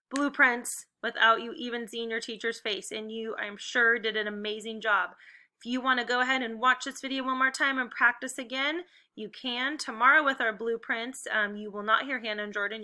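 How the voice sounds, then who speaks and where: A woman teacher with a very bright, sharp-edged voice pitched a touch high leads first graders through phonics drills. She calls out sounds slowly and crisply and cheers them on as they go. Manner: slow, clearly enunciated drill prompts; encouraging, upbeat praise. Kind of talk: phonics lesson video for students at home.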